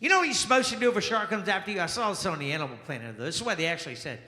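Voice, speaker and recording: A man doing stand-up comedy for a small live crowd, his high, bright voice swinging widely in pitch. He banters and asks the audience questions as he goes. The sound carries a roomy echo with a long reverb tail from the lounge. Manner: animated, crowd-work banter with quick asides. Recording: echoey room with long reverb.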